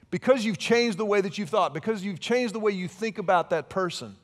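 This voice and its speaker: Middle-aged guy preaching, chatty asides, kinda high voice. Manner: conversational preaching with warm asides and dynamic swings from loud to soft. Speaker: pastor. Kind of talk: sermon.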